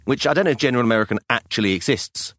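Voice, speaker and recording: A man's voice: mid-range voice, racing, fairly bright tone, no echo, clean studio sound. A man from London in his forties, co-hosting a podcast, rambling, breaking off mid-thought and laughing a lot. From England, London. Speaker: podcast co-host. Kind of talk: casual chat.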